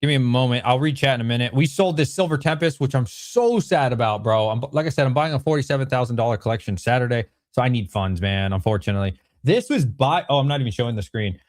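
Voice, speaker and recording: A man's voice: mid-range voice, animated, fast, few pauses, a little mellow, dry recording, clean studio sound. A man casually running through card products on a live stream, chatty and rambling, correcting himself as he goes. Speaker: Pokemon card seller streaming.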